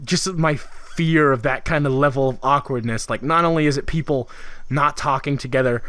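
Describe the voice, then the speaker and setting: Co-hosting a casual video game podcast, a man rambles amid frequent laughter and filler words. He has a medium, slightly bright voice at a normal pace, recorded without room sound.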